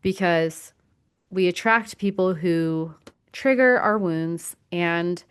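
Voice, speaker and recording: Woman host coaching casually: low, smooth voice, acts out quotes, loose and swearing. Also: slow pace. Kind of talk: casual teaching talk.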